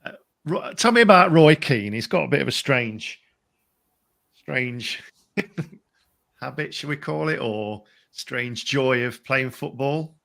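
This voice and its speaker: Gravelly-voiced man hosting a live stream. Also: mid-range voice, expressive, takes it slowly, long pauses, fairly bright tone. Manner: chatty, addresses the live chat directly. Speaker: host of a fan channel livestream. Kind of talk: casual live-stream interview.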